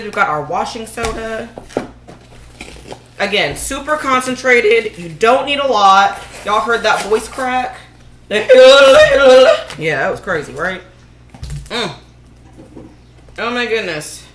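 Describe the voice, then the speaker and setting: A woman's voice: on the high side, sharp tone, a little hiss or hum. A woman making laundry soap at home and chatting casually to viewers, joking as she works. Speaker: DIY vlogger. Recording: echoey room.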